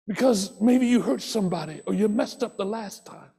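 A man preaching a sermon as pastor, impassioned, shouting some phrases and dropping soft on others, repeating rhythmic refrains. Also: high voice, moderate pace, gravelly, hardly any pauses, slightly rough.

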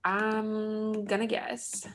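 A gaming channel host, likely a woman in her thirties, drawls her words in a monotone at medium pitch. She gives casual let's play commentary, chatting to herself with wry little asides while she builds.

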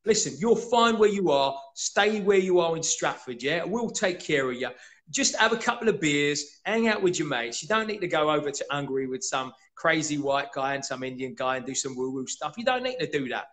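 A man's voice: fairly high pitch, lively intonation, fairly quick, a bit bright. A man putting on a mocking Cockney mate.

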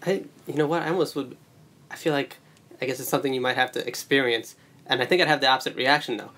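A man's voice: medium pitch, fast talker, bright, forceful tone. A man co-hosting a podcast, musing aloud in casual chat. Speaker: podcast co-host.

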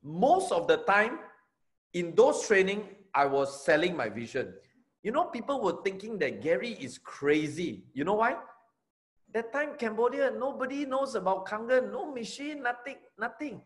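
Speaking at a moderate pace in a high-sitting voice, a middle-aged man with a Malaysian accent delivers a forceful, energetic motivational talk. He works as a network marketing trainer and keeps repeating his key phrases.

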